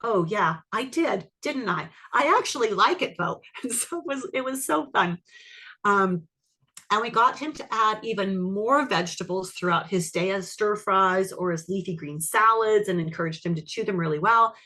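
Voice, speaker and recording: A woman's voice: mid-range voice, moderate pace. A woman teaching a live online class, walking through a client case and checking in with her audience. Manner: animated, asks the audience questions. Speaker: iridology educator. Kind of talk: webinar teaching with case story.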